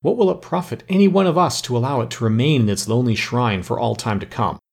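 Noble forest immortal, earnest and pleading; a man reads him, husky storybook tone. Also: medium pitch, quick pace, darkish tone.

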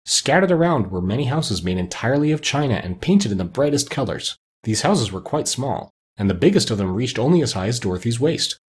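A man narrating a children's storybook aloud, expressive and unhurried. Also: medium pitch, breathy edge.

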